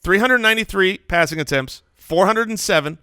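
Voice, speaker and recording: Bright lively guy co-hosting a sports podcast, jokey, dry close mic. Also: high-pitched, fairly quick, smooth, no echo. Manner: animated, playful, jokes and sings snippets. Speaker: podcast co-host. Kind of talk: fantasy football podcast chat.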